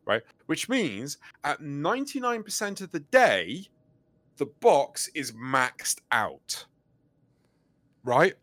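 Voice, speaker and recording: A man's voice: fairly high pitch, big pitch swings, a little slow, a bit bright, no room sound. A young man, a podcast co-host, tells a story in casual chat and acts out both sides of a phone call.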